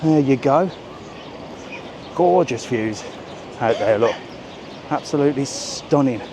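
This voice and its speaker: A British man with a medium-pitched, expressive voice talks slowly as he strolls a busy seafront strip at night, filming a live travel vlog on a small handheld camera. He chats and cracks cheeky jokes with light swearing, and background noise and street music are audible.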